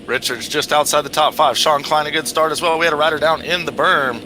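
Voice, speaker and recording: A man's voice: a little high, steady tone, background noise. A man commentating a motocross race, reeling off the rider lineup and calling positions. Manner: reels off rider lists quickly, dry asides. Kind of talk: play-by-play commentary.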